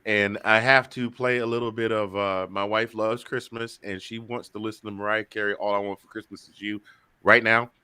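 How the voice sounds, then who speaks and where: A man's voice: on the low side, flat delivery, moderate pace, bright, forceful tone, clean tone, no echo. A man hosting a casual sports talk show, chatty and joking, often repeating himself. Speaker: show host.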